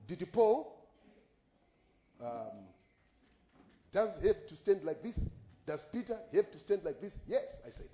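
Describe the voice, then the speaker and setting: Man, preacher, fairly high voice, impassioned storytelling, roomy echo, muffled lo-fi sound. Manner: impassioned storytelling, voice rising in exclamations. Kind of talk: sermon with live interpretation. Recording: echoey, dull lo-fi recording.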